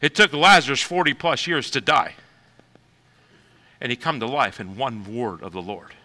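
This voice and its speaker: A man preaching a sermon, moving from quiet reflection to shouted, high exclamations, with laughs between points. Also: moderate pace, rough recording. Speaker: pastor.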